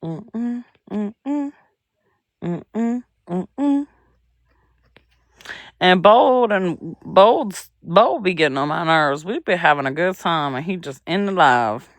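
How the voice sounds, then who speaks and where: A young pregnant woman hosts a casual livestream, chatting with viewers in a drawling, chatty way and humming to herself between remarks. Her voice is fairly low, recorded in studio quality with no room sound.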